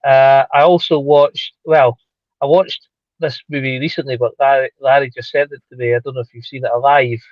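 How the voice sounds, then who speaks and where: Middle-aged man, casual stream co-host, halting repetitive delivery, muffled and dry. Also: medium pitch, little pitch movement, no room sound. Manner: halting, many repeated words, chuckles. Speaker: livestream co-host. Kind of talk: casual chat. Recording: dull lo-fi call audio.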